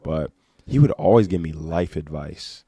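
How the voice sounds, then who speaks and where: Very deep voice, mellow tone, man, relaxed podcast chat. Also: measured pace, creaky, husky. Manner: relaxed, agreeable, affirming. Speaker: podcast co-host. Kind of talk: casual chat.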